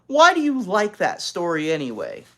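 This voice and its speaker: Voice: medium pitch, huge pitch swings, normal speed, voice pushed up. A reader voicing an exasperated schoolgirl big sister who gets cross with her little sister in a storybook. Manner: cross, fed up.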